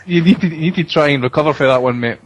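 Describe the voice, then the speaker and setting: A man's voice: on the high side, racing, no echo. A Scottish man hosting a podcast, teasing his guests and calling everyone mate in casual banter. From Scotland. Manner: teasing, calls people mate. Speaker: podcast host.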